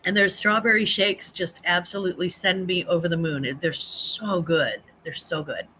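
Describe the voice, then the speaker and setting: A woman's voice: fairly low pitch, normal speed, bright, forceful tone, slight background noise. A middle-aged woman hosting a casual live chat stream from home, rambling and reading comments, laughing often and restarting her sentences.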